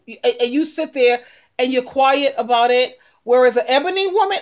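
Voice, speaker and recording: Lively, emphatic woman with a fairly high voice. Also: normal speed. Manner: animated, emphatic, acts out sassy retorts. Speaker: relationship advice vlogger. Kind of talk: casual commentary on a played clip.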